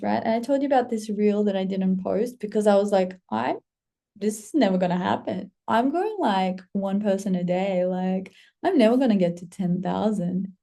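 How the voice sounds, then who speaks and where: A young woman content creator tells a lively vlog story about her own life, swearing a bit and acting out quotes of how excited she used to be. Her voice is mid-range and gravelly.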